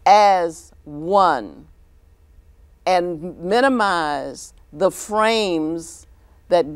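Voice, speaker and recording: A woman hosting a talk show, speaking deliberately as she quotes and clarifies points. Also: fairly low pitch, animated, no echo. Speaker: host.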